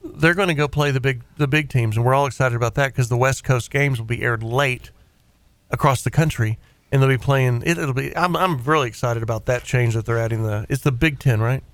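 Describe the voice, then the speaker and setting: A man's voice: medium pitch, fairly quick, no room sound. A man hosting a radio talk show, rambling through stories in casual chat from his studio. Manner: rambling, animated storytelling. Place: private studio.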